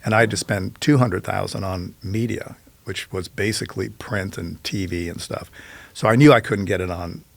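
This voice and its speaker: Older guy with a low gravelly voice, rambling through old filmmaking stories. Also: moderate pace, no echo. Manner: rambling anecdotal storyteller, restarts, quotes others. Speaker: filmmaker guest. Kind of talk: casual storytelling interview.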